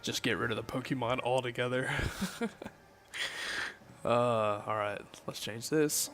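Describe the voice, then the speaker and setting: A man's voice: medium pitch, unhurried, faint music behind. A man from the Southern United States with a Southern accent, chatting casually with viewers and cracking jokes on a late-night game stream. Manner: relaxed, joking, chatting with viewers.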